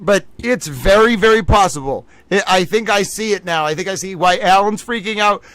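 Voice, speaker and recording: A man's voice: high voice, moderate pace, a bit bright, no echo. A man hosting a livestream, thinking aloud, exclaiming and laughing as he reacts live to news. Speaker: livestream host. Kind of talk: excited live reaction commentary.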